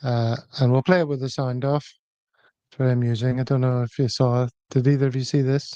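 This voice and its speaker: A man's voice: mid-range voice, level tone, fast, dark tone, clear, resonant tone, dry recording, muffled recording. A man hosting a casual football chat show, wry and chatty. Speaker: podcast host.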